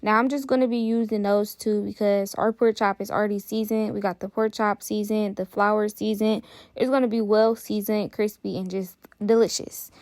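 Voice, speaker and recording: A woman hosting a cooking channel, talking viewers through a recipe in a chatty, relaxed way. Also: medium pitch, moderate pace, no room sound. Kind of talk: casual cooking tutorial.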